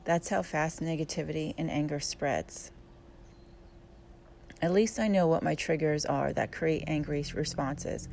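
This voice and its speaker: A woman who teaches yoga reads her own self-help book aloud. Her voice is low with a noticeable gravelly fry, and she speaks calmly and candidly. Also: a little hiss or hum. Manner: calm, reflective, candid. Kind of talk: audiobook narration.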